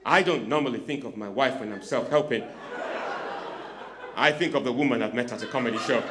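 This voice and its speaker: With a medium-pitched voice and brisk delivery, a man does stand-up in a comedy club, needling the audience. He alternates between quiet asides and abrupt yells into a handheld microphone, over background noise.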